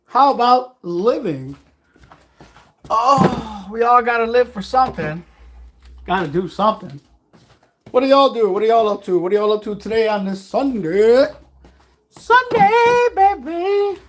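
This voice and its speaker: A man's voice: high-pitched, animated, normal speed, a bit bright. A man on a casual vlog who gives blunt, profane, preachy life advice while making food in his kitchen at home. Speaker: vlogger. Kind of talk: casual livestream pep talk.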